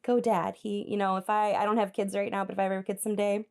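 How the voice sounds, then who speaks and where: A woman's voice: mid-range voice, little pitch movement, quick pace, darkish tone. Chatty young woman telling stories. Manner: rambling storytelling, frequent laughs, chatty asides to viewers. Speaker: host of a crafting channel. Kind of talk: casual chat while hand embroidering. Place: home craft space.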